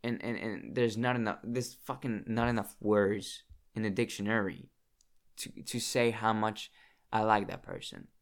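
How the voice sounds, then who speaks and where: A man's voice: on the low side, fairly even intonation, normal speed. A young man vlogging in a casual, emotional monologue, swearing often and restarting his sentences as he talks about his feelings.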